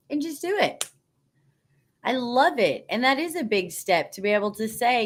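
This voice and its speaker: A woman's voice: fairly high pitch, big pitch swings, a little slow. A woman hosting a live stream, chatting and reading viewer comments in an upbeat, encouraging, gushing way. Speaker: host of a live stream for women Jeep owners. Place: studio.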